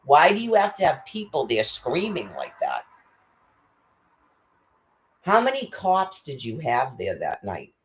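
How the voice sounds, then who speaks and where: In a slightly bright, medium-pitched voice, a man lets loose with a curse-filled tirade, angrily throwing out one rhetorical question after another.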